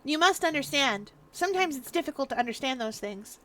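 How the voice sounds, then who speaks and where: A woman livestreamer chatting casually and rambling through advice, acting out what people say in quick little voices. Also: high-pitched, lively intonation, fairly bright tone. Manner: rambling, gives advice, acts out quoted speech.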